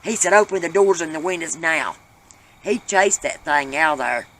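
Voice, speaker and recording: A man with a bright, forceful voice, a little higher than most, earnestly retells a ghost story in plain words. A faint hiss runs under him. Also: moderate pace, rough recording. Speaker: panel storyteller. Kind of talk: casual storytelling.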